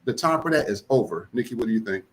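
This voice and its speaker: A man's voice: on the low side, animated, quick pace, a bit bright. A man hosting a live podcast, talking emphatically and repeating himself when worked up. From United States. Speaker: podcast host.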